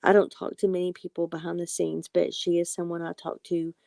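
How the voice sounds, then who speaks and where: A woman reading oracle cards on a live stream, talking softly and affectionately to viewers and often apologizing. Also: lowish voice, little pitch movement, fairly quick, creaky, no room sound. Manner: soft-spoken, affectionate, calls viewers sweetie and honey; apologetic and reassuring. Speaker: livestream tarot and oracle card reader.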